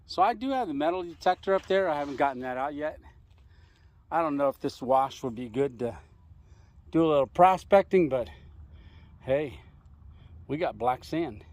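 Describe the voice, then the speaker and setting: A man's voice: on the high side, expressive, normal speed, long pauses, darkish tone. Chatty man vlogging on a desert hike. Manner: chatty, laughs often, talks to camera. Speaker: travel vlogger. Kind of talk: casual vlog commentary while hiking. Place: outdoors in desert hills.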